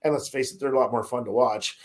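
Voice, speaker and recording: A man's voice: mid-range voice, steady tone, fast talker. A man co-hosting a casual sports chat, rambling with lots of fillers and restarts. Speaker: podcast co-host. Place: Caribbean, remote.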